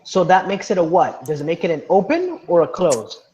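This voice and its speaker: A man's voice: high voice, sing-song, a little fast, darkish tone, dull audio. A man teaching an online class, patient, often checking understanding with "right?". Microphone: video call.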